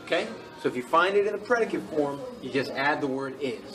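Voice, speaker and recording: A man's voice: a little high, expressive, quick pace, far from the mic, music in the background, poor audio. A man teaching Greek grammar to a class, patient and repeating key points as he checks in with students.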